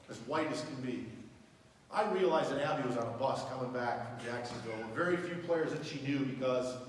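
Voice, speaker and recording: A middle-aged man with a Southern US accent speaks earnestly to a school crowd, his voice sitting a little high. He is heard from far off in a big echoey hall, with a long reverb tail and faint background noise. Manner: earnest, emotional storytelling. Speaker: guest speaker. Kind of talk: public speech to a school audience. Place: large hall.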